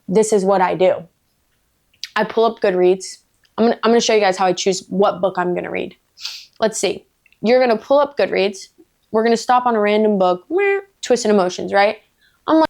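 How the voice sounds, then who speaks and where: A woman's voice: mid-range voice, expressive, moderate pace, a little mellow. A woman book vlogger ranting casually, blunt and emphatic, swearing freely, with playful self-mocking asides. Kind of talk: casual vlog rant.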